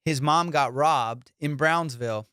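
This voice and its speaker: A comedian hosting his podcast, a man with a slightly high, smooth voice. He tells stories in a profane, animated rush and laughs often, recorded dry and close to the mic. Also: unhurried, no room sound. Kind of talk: casual chat.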